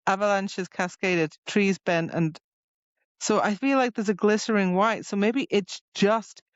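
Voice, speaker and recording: A woman's voice: medium pitch, measured pace, no echo. Woman cohost asking question after question, kinda muffled dry recording. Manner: quizzical, fires off repeated questions. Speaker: podcast co-host. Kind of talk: casual book-discussion chat. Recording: dull lo-fi sound.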